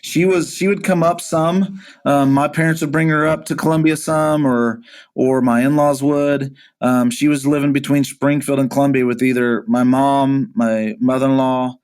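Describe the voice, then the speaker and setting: A pastor being interviewed, earnestly recounting a hard personal story, often halting and repeating words as he goes. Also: medium pitch, a little mellow. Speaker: pastor, podcast guest.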